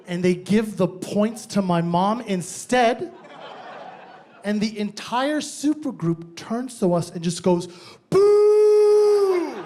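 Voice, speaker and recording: High-voiced man doing animated stand-up. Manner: animated, quick storytelling with punchy asides. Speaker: stand-up comedian. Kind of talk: stand-up comedy set. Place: stage.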